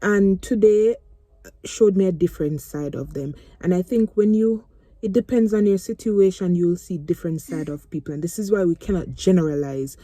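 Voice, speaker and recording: A woman's voice: on the low side, normal speed, mellow, dry recording. A young Jamaican woman telling a storytime vlog from her parked car, chatty and emotional, slipping into patois. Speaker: mother vlogging.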